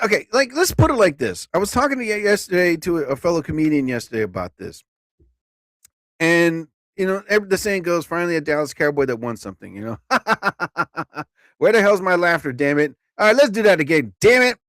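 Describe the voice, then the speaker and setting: This is a live comedy stream where a man delivers a rambling, lively monologue and laughs at his own jokes. His voice is on the high side and roams widely in pitch. The sound is close and dry, with no echo.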